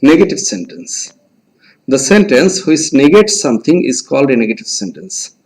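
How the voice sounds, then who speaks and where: A man with a Bangladeshi English accent, teaching an online English grammar lesson and slowly dictating examples word by word. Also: mid-range voice, sing-song, a little mellow, low-quality recording.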